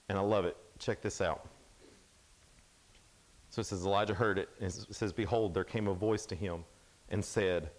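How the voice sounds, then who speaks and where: Man preaching at youth camp, casual and animated. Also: on the low side. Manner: casual, animated storytelling, drops to hushed tones. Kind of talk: sermon.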